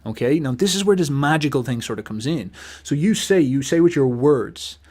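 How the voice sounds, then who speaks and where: A man hosting a casual philosophical monologue, emphatic and animated, swearing casually and mimicking other people's voices. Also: medium pitch, moderate pace. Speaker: host.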